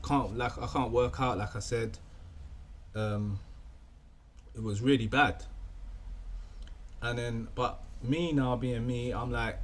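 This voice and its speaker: A man's voice: mid-range voice, steady tone, measured pace, long pauses, slight background noise. A young man telling a rambling, casual story, often repeating himself and saying "you know what I mean.". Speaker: vlogger.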